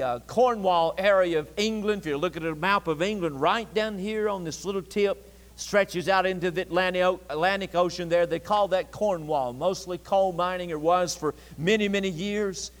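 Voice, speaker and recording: A man preaches an evening sermon in a high, ringing voice, hammering phrases home again and again. His words echo with a long tail through a large church sanctuary. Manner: emphatic, repetitive preaching cadence.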